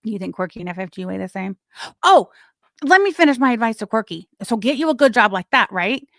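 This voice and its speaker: Woman livestream host, bright and crisp, dry close sound, blunt and crude, prone to loud excited bursts. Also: on the high side, fairly quick, no room sound. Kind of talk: casual gossip commentary.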